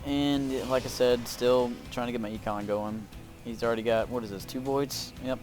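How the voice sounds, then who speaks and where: Brief: male gameplay commentator, loose and rambling, everyday mid-pitch voice, faint music underneath. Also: steady tone, normal speed, darkish tone. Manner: rambling, filler-heavy, self-narrating. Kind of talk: casual game commentary. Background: faint background music.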